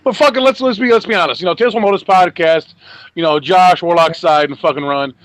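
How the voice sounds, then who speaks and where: A man's voice: sits high, fast, no echo. A man co-hosting a casual podcast, talking in a brash, profane way and repeating himself. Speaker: podcast co-host.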